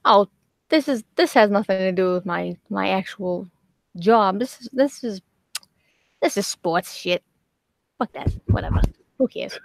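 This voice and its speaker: Gravelly-voiced Boston woman who swears. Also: medium pitch, animated, unhurried, pauses often, no room sound. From Boston area. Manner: blunt, swears a lot, reads chat aloud. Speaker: horror narrator and livestream host. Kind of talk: casual livestream chat.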